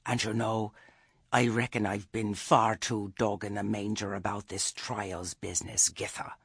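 A man's voice: fairly low pitch, little pitch movement, a little slow, creaky, a bit bright, slightly rough, no echo, studio quality, full character voice. A man voicing a stern elderly witch who is acting oddly sweet, with prim, earnest, clipped rural speech.

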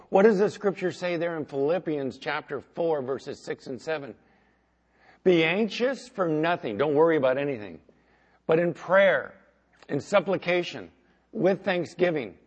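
Earnest pastor preaching, dull lo-fi sound. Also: male voice, on the high side. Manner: conversational, swings between loud emphasis and quiet asides. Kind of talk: sermon.

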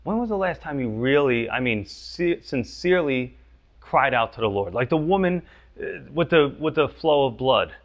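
Male pastor, casual preaching with lots of "you know", gravelly tone, muffled recording. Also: mid-range voice, animated, normal speed. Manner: conversational, frequent "you know" and "right?". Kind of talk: sermon.

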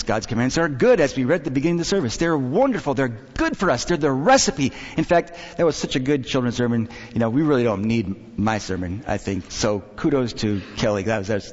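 A man preaching a sermon as pastor, telling stories and jokes in a lively, conversational way. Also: mid-range voice, a little fast, few pauses. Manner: lively, joking, storytelling with acted quotes. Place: church sanctuary. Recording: dull hall recording with long reverb.

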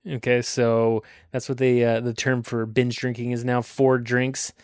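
In a clean, echo-free studio recording, a Canadian podcast host in his thirties delivers a casual solo rant that rambles, curses and pokes fun at himself. His mid-range voice is a little slow and a little mellow, with a clean tone and little pitch movement.

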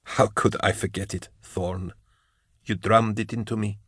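A man voicing a possessing male mentor in an audiobook, soft and questioning. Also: on the low side, steady tone, measured pace, slightly rough, no echo, clean studio sound. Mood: wry. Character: male mentor's voice speaking through a woman.

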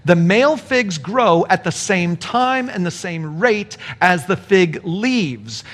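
Man, middle-aged pastor, sermon, lively swooping delivery, conversational asides. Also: high-pitched, slow pace. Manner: conversational, explaining with rhetorical asides.

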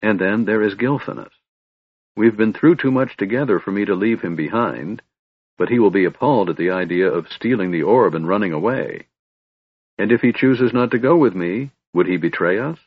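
A man's voice: fairly low pitch, animated, moderate pace, slightly rough, dry recording. A man voicing a troubled young elf woman who must take the lead, anxious and pleading, read from an audiobook. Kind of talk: audiobook reading. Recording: dull dry recording.

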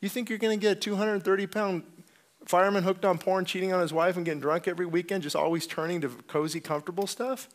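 A man preaching an impassioned sermon as a pastor, rising to loud outbursts and dropping to low, intense stretches. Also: steady tone, fast talker.

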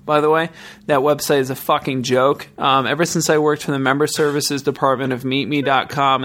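A man's voice: mid-range voice, a bit bright. A man co-hosting a video podcast, chatting loosely with lots of "like" and casual swearing. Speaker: podcast co-host. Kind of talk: casual chat. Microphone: studio podcast mic.

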